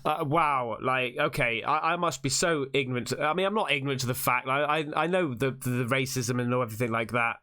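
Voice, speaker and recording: A man reacting to a story with excitable, swearing commentary and frequent restarts. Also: medium pitch, a little fast, hardly any pauses. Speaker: reaction video host.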